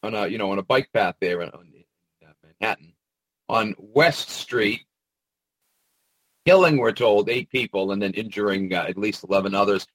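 A commentator rambles through a sarcastic, casual monologue full of mocking asides and frequent hesitations. His lowish voice has a breathy edge, moves at normal speed with many pauses, and comes through a rough recording without echo.

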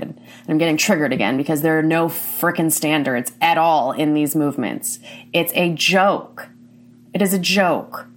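A woman hosting a commentary show, ranting bluntly and indignantly, swearing often. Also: lowish voice.

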